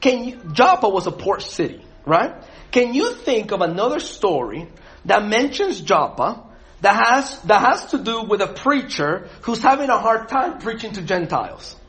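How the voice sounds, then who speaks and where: A high-voiced man teaching a Bible study group. His pitch leaps around as he talks. He keeps putting questions to the group and laughs often. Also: very animated, moderate pace, a bit bright.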